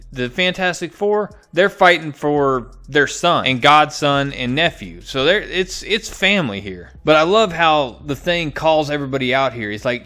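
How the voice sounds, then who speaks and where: A man recapping a comic book issue in a casual, animated way, acting out the characters' lines as he goes. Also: on the high side, clean tone. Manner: animated retelling, acts out quotes.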